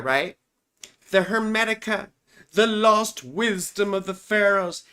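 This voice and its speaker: A woman's voice: fairly low pitch, fairly bright tone. A woman astrologer hosting a live stream and lecturing in a rambling, conversational way, with casual slang and asides to her viewers.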